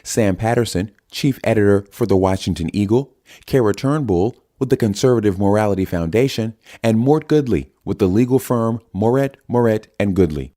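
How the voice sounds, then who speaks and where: A male narrator plays a polished female news anchor, upbeat and brisk. The voice is lifted well above his own and projected like a broadcast. The delivery stays smooth and professional in an audiobook reading. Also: lowish voice, animated, dark tone, no room sound, studio quality, pitched above the performer's own voice, lightly acted. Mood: anchor-bright.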